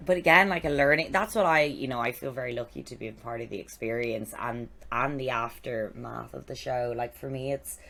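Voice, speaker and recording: A young adult woman co-hosting a podcast, telling lively stories, swearing freely and acting out what people said. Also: extremely low pitch, fairly quick, creaky, few pauses. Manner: animated storytelling, swearing, acting out quotes. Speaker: podcast co-host. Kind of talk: casual chat.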